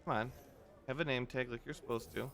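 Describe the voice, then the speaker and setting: A man running a tabletop game as dungeon master, narrating with animated, shouty energy. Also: mid-range voice, brisk.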